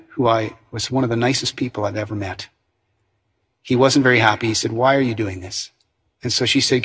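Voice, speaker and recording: Middle-aged Canadian man, husky voice, earnest sermon testimony. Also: medium pitch. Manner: earnest storytelling with restarts. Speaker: preacher.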